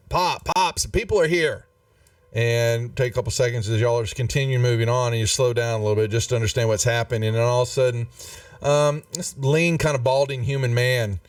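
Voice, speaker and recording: A man narrating a tabletop game as game master, relaxed and full of fillers. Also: mid-range voice. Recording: distant mic with faint music.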